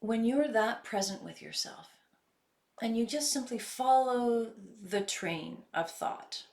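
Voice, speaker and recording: A woman self-help coach teaching in an earnest, reflective way and slowing down to stress her points. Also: fairly high pitch, animated, a little mellow. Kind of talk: instructional self-help talk. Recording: echoey room.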